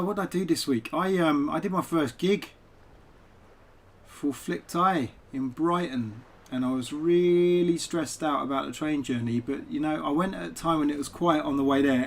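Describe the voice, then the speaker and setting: A man's voice: a little high, normal speed, creaky, a little hiss or hum. A man talking casually and digressively while streaming a game from home, chatting to viewers as a poet. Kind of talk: casual live-stream chat over gameplay.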